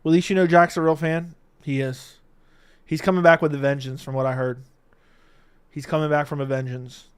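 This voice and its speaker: A man hosts a casual live MMA stream from home and teases his chat as he reads their messages. His voice sits a little high and comes across smooth and resonant. The sound is dry and close to the mic, with no room behind it. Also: fairly even intonation, brisk, no echo. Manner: joking, laughs often, playful teasing of chat. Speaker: MMA livestream host. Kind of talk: casual livestream chat reading viewer comments.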